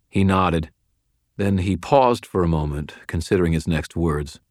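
A man narrating a first-person audiobook in a steady, understated, subdued way. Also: low-pitched, a little slow, no echo, studio quality.

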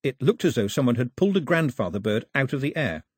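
A man reading a storybook aloud in an expressive, varied narration. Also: medium pitch, quick pace, slightly rough, no echo.

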